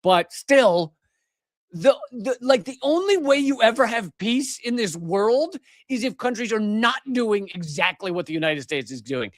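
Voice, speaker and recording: A man's voice: high voice, expressive, unhurried, dry recording. A middle-aged man hosting a live political commentary show, ranting angrily with profanity and frequent restarts. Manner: angry, profane, emphatic with many restarts.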